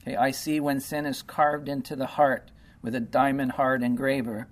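A man's voice: mid-range voice, level tone, moderate pace. A man preaching a sermon in a conversational way, reading scripture and explaining it with lots of "okay" and "you know".

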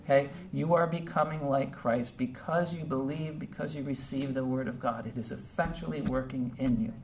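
A man preaching a heartfelt, conversational sermon to his congregation, pausing often with fillers. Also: mid-range voice. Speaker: pastor. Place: church service. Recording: distant mic with faint background noise.

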